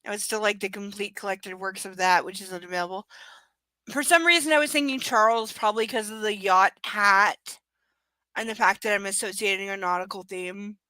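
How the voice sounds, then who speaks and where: This dry recording captures a medium-pitched woman whose voice sounds pushed and bright. She's reading a romance novel live on stream, interrupting herself with sarcastic, chatty commentary and offhand cursing.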